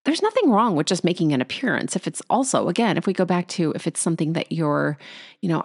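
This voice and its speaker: A woman hosting a solo podcast about anxiety, talking quickly and acting out anxious inner thoughts. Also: fairly low pitch, very animated. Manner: fast, tumbling, acts out anxious inner voices. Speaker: podcast host.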